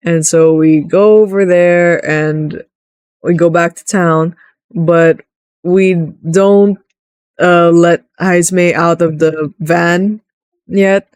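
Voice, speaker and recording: A woman's voice: lowish voice, steady tone, very slow, a little mellow, smooth, dry recording. A woman casually retelling a tabletop game session, rambling with many restarts and fillers. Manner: rambling, full of restarts and "you know".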